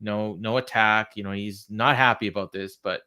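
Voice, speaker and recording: A man's voice: fairly low pitch, fairly even intonation, normal speed, bright, forceful tone, smooth. A chatty man co-hosting a live podcast recap. He talks in a loose, casual way, often laughing and answering viewer comments as he goes. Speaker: podcast co-host. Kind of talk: casual livestream recap chat.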